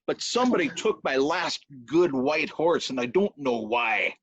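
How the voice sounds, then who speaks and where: A man's voice: fairly high pitch, very animated, a little slow, fairly bright tone, breathy edge, no room sound, heavily acted. A man voicing a boastful middle-aged king who stammers with bravado. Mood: complaining. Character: boastful giant Irish high king, male, middle-aged. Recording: dull dry lo-fi recording.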